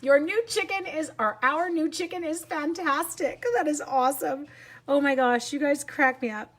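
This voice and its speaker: Bubbly woman, a little higher voice, chatty craft demo host reading viewer comments. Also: a bit bright. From Canada. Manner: bubbly, chatty, quick to laugh. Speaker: papercraft demonstrator and teacher.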